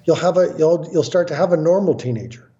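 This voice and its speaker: In an animated storytelling interview, an American family counselor speaks bluntly and emphatically, acting out other people's words. He talks fast in a fairly high, mellow voice, and the sound is lo-fi.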